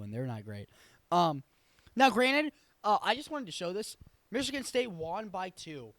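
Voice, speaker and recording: A man's voice: a little high, no echo. Blunt, opinionated male sports host. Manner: blunt, opinionated, rambling with self-corrections. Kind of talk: casual sports commentary.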